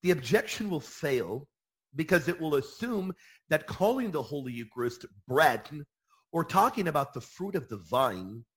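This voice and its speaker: A man hosting Catholic radio, teaching with fervent, repeated emphasis. His voice sits a bit high and swings widely in pitch. He slips into mock voices to act out objectors. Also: husky. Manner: emphatic, animated, repeats key phrases with bursts of enthusiasm. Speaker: Catholic radio show host answering listener questions. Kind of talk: energetic apologetics teaching.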